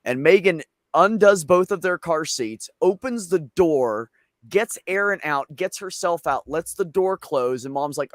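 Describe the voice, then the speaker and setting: A man's voice: a little high, lively intonation, unhurried, dry recording, clean studio sound. A man hosting a casual chat show, telling long rambling family stories with plenty of swearing. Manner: profane, rambling anecdotes. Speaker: show host.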